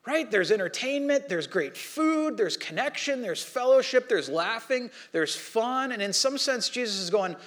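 Male pastor, high voice, conversational animated sermon. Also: moderate pace, few pauses. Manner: conversational, animated preaching with acted-out quotes.

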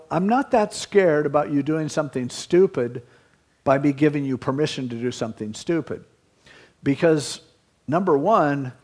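Older male pastor, slightly higher-pitched voice, conversational sermon delivery with wry self-mocking asides. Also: a little mellow.

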